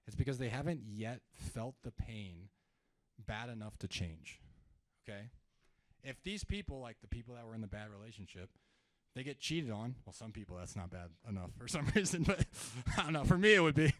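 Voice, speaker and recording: A man's voice: mid-range voice, expressive, moderate pace, dry recording, clean studio sound. Conversational man coaching a live audience. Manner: conversational, asks the audience questions, acts out seller calls. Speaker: sales trainer speaking at an event. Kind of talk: live seminar talk.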